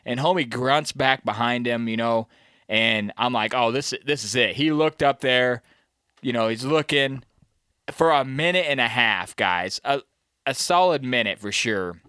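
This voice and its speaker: A man telling a hunting story in casual slang, animated, often adding "you know what I mean" and acting out the deer's thoughts. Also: medium pitch, a little slow, clear, resonant tone, no room sound, studio quality. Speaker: bowhunter recounting a hunt. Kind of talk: casual chat.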